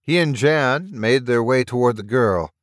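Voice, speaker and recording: A man narrating a horror story at a steady, measured pace, close to the mic. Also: mid-range voice, no echo. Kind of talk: audiobook reading of a story.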